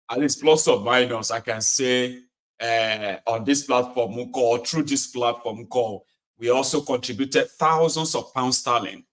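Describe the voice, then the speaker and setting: A man's voice: mid-range voice, a bit bright. A man from Nigeria, hosting a call-in political show and taking callers, impassioned and repeating phrases for emphasis.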